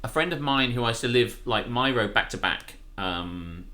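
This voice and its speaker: A man's voice: mid-range voice, normal speed. A man co-hosting a live-stream chat show, talking casually and jokily, often breaking into silly voices. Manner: animated, jokey, given to silly voices and laughter. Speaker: podcast co-host.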